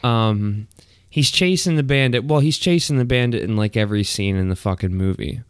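A man's voice: fairly low pitch, normal speed, clear, resonant tone, no room sound, studio quality. A man hosting a podcast in crude, profane casual chat, often laughing mid-sentence. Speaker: podcast host.

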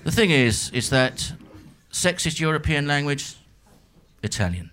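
Performing stand-up in a club, a middle-aged man delivers a dry, mock-pompous set punctuated by sudden fits of fake outrage. His voice is fairly high and a little bright, very animated yet measured in pace. It's a live recording with clearly audible crowd noise.

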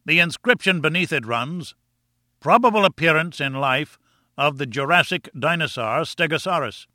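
A man's voice: expressive, moderate pace, pushed and bright, dry recording, studio quality. A man voicing a pompous, contemptuous older male professor who lectures in a triumphant, scornful way. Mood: lecturing. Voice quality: booming and scornful.

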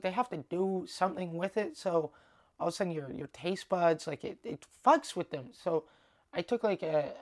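A woman comedian talking casually on her own podcast, swearing freely and acting out what people said in quick bursts. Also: lowish voice. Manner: animated, swears, acts out dialogue in quotes. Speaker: stand-up comedian. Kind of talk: casual solo podcast storytelling.

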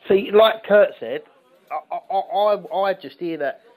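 A man chats on a podcast in a fairly high voice. He stalls often and repeats words as he gets his thoughts out. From London. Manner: halting, repeats words, animated. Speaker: podcast co-host. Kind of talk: casual chat.

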